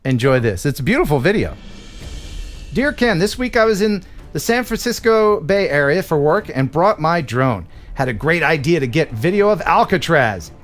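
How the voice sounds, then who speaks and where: An American man hosting a live stream, chatting casually and reading viewer mail, with animated reactions. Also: a little high, moderate pace, soft background music. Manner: animated, laughs and cries out while reacting to clips.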